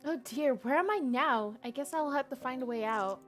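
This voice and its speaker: A woman's voice: sits high, normal speed, fairly bright tone, faint music behind. A woman streaming a game live, chatting casually and reading game text aloud.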